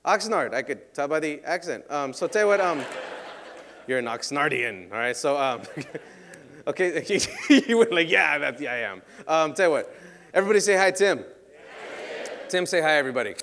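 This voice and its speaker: Street magician type: teasing, jokey, lively swoops in a slightly high male voice, occasional loud hype bursts. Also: normal speed, pauses often. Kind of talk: joking crowd-work during a card trick show.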